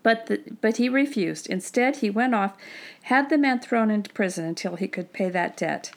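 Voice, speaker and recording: A woman leads a recorded Bible study lesson in a mid-pitched voice with a gravelly, creaky edge. She explains scripture in a relaxed, conversational way and often pauses with fillers and restarts her sentences. She sounds like a teacher speaking to a study group.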